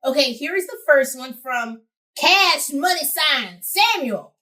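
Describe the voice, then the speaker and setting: Sassy high-voiced young woman host. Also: a little slow, recorded from a distance. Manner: sassy, animated, addresses listeners directly. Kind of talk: casual advice talk to camera.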